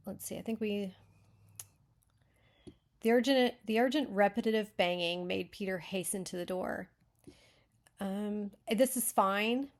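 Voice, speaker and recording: A woman with a gravelly, vocal-fry texture gives casual writing feedback. She talks in a chatty way, with many fillers and self-corrections, at a mid pitch. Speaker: writing critique host. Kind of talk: casual teaching.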